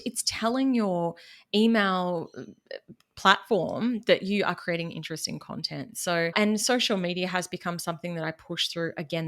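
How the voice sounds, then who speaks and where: A woman with a Queensland Australian accent, a guest chatting candidly and animatedly about her business, laughing at herself. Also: mid-range voice. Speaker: guest, marketing business owner. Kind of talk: casual interview chat.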